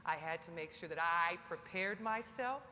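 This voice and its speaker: A woman speaking on a senior enlisted panel in an emphatic, motivational way, building to animated exhortation. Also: on the low side, normal speed. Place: large conference hall. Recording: long hall reverb with faint crowd noise.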